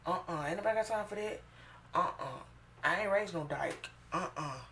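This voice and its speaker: A woman's voice: on the low side, normal speed, fairly bright tone, slight background noise, voice pushed up. A woman putting on the voice of a stern, disapproving middle-aged mother who repeats clipped "uh-uh" refusals. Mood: scolding.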